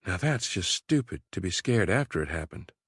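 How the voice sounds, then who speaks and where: A man's voice: low voice, sing-song, normal speed, fairly bright tone, breathy edge, no echo, clean studio sound, exaggerated voice. A man voicing a brave, scholarly young woman in an audiobook, speaking with commanding conviction. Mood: calm explaining. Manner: commanding, fervent prayer delivery. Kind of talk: audiobook character voice.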